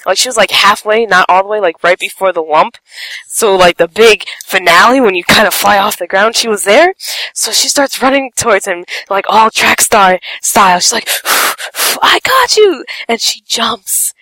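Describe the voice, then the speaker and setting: A woman with a mid-range voice recounts a funny personal story at a moderate pace, animatedly acting out quotes with squeals and shouts and giggling between lines. It's a rough recording without echo.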